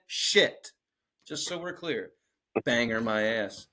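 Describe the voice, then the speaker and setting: A man's voice: medium pitch, animated, slow, sharp tone. A man co-hosting a podcast in casual chat, joking crudely as he reads out a song list. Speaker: podcast co-host.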